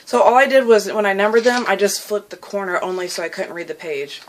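A young woman vlogging casually about her journal, chatty and excitable, laughing often and full of fillers. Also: medium pitch, a little fast, slight background noise.

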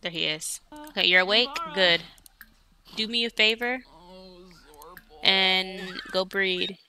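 A young woman plays a life-sim game and keeps up a casual running commentary, chatting with viewers and ordering her characters around. Her voice is mid-range and bright, and her tone is forceful though she speaks slowly. She is a let's play streamer.

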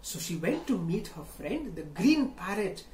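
A woman telling a children's story, slow and sing-song, talking directly to young listeners. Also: on the low side, big pitch swings, a little mellow, echoey room, slight background noise.

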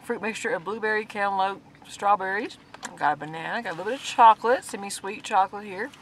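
A woman's voice: medium pitch, fast talker, slight background noise, poor audio. A woman chatting casually on a road trip, listing snacks, giggly and fumbling for words. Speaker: travel companion filming. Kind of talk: casual chat. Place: car or camper on a road trip.

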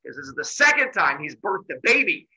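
A man teaching a class by retelling a myth in an animated, jokey way with deadpan asides. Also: high voice, a little fast, low-quality recording. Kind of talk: comic myth storytelling to a class.

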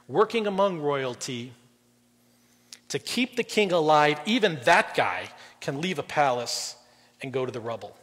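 Middle-aged male preacher, husky tone, fairly high voice, conversational sermon with loud and soft swings. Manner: conversational preaching, swings between loud emphasis and quiet drops. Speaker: guest pastor. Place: church auditorium. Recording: long reverb in a large hall.

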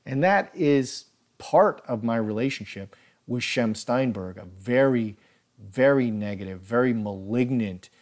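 A man narrating a first-person story in a solemn, deliberate, insistent way. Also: mid-range voice, expressive, darkish tone.

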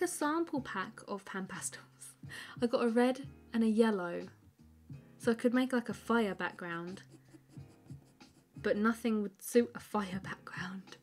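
A woman live-streams herself drawing, chatting casually, laughing often and rambling with lots of fillers while reading viewer comments aloud to answer them. Her voice is on the high side.

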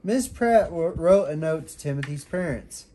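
A father reading a children's bedtime story aloud, with an expressive, animated reading. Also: fairly high pitch, moderate pace, a little hiss or hum.

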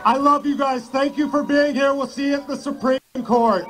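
High-voiced man rousing an outdoor crowd. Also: steady tone, moderate pace. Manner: rousing, repetitive exhortations. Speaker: rally speaker. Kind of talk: shouted rally speech. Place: outdoor rally. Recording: loud crowd and noise, distant from mic.

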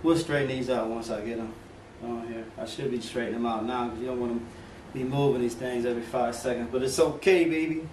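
A man's voice: mid-range voice, level tone, quick pace, a little mellow, distant mic. Joking male home cook, echoey kitchen. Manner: playful, joking, talks straight to viewers in Southern US slang. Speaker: home cooking video host. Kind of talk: casual cooking demonstration. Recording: echoey kitchen from off-mic, faint room noise.

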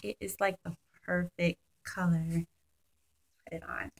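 A woman's voice: lowish voice, flat delivery, unhurried, creaky, poor audio. A woman chatting at home about her favorite beauty products, gushing and using lots of fillers. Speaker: beauty vlogger. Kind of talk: casual product review. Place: at home, children nearby.

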